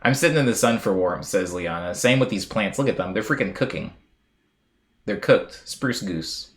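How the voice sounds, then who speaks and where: A man's voice: lowish voice, expressive, moderate pace. A young man from the United States rambling casually as a live streamer, reading viewer messages aloud and chatting playfully with lots of fillers.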